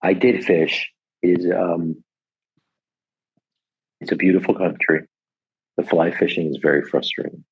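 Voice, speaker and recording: A man's voice: low-pitched, fairly even intonation, a little slow, pauses often, slightly rough, highs cut off. A man in his sixties, a podcast guest, telling stories in a casual, rambling way, full of restarts and "et cetera". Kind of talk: casual storytelling.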